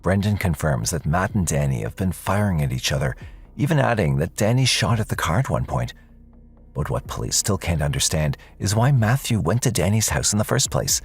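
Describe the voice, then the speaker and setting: Deep gravelly man narrating true crime. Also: very animated, fairly quick, faint music behind. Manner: dramatic, suspense-building delivery. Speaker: documentary narrator.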